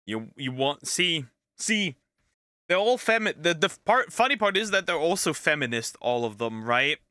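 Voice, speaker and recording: A man's voice: a little high, lively intonation, normal speed, sharp tone, dry recording, clean studio sound. A man streaming casual reaction commentary on clips, rambling and repeating himself as he laughs at his own jokes.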